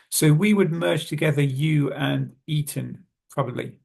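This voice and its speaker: British man, pronunciation teacher, gravelly, husky, measured explanations. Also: on the high side, darkish tone. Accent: British English. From Britain. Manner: measured, explanatory, repeats example phrases slowly. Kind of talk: online lesson, reading notes and modelling phrases.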